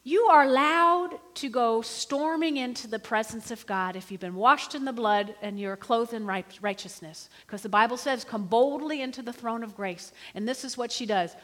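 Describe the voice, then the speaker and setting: A middle-aged woman preaching a sermon in an animated, conversational way, often calling for the congregation to respond. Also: a little high, normal speed, few pauses. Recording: reverberant hall.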